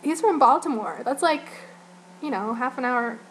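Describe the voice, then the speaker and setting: A young fan vlogger from Northern Virginia chats casually, rambling and giggling with plenty of "like" and "you know." Her high-pitched voice is expressive and moves at a normal speed. The recording is rough, with a little hiss or hum.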